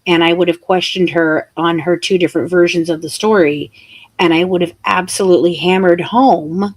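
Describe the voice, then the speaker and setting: Animated woman true crime commentator. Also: lowish voice, normal speed. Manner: animated, rhetorical and incredulous, with pointed questions.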